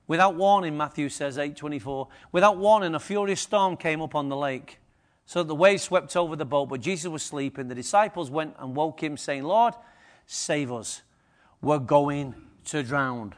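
A man preaching a lively sermon to a congregation, acting out the story's characters. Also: on the high side, brisk, hardly any pauses.

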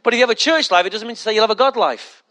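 A man's voice: high voice, rapid-fire, pushed and bright. A man preaching a sermon as pastor, emphatic and joking as he speaks straight to the congregation.

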